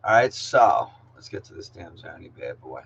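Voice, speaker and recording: With a deep, creaky, somewhat bright voice, this teacher speaks in a sing-song way at a moderate pace. He's a middle school English teacher holding an online class, casual and jokey, slangy, saying "yo" often and calling students by name. The audio is lo-fi with slight background noise.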